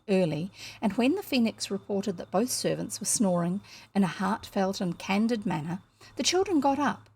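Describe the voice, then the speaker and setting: A woman's voice: mid-range voice, darkish tone, slightly rough. A woman from New Zealand with a New Zealand accent, reading a children's novel aloud with chatty asides. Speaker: audiobook reader.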